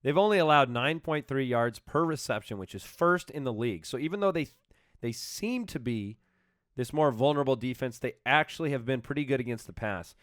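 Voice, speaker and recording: A man's voice: medium pitch, expressive, fairly quick, a bit bright, no room sound. Guy hosting a sports podcast, joking around, medium voice, dry close mic. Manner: joking, reads listener questions. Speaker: podcast host. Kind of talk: casual sports chat.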